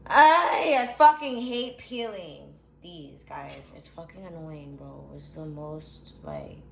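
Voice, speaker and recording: A young woman speaks in a low, creaky voice, very animated but unhurried, as she cooks at home for a casual vlog. She complains dramatically to her viewers and swears. The recording picks up kitchen echo and faint background noise.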